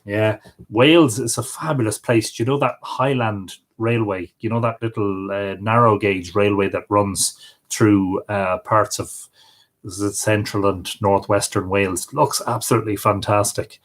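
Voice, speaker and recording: A man's voice: lowish voice, steady tone, unhurried. Man greeting livestream viewers. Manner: friendly, greets viewers by name. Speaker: livestream host. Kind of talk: casual chat reading out viewer comments.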